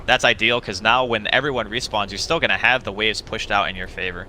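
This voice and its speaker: A man giving casual, quick analysis as the color commentator on a video game match. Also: fairly low pitch, fairly even intonation, pushed and bright, a little hiss or hum. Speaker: esports analyst.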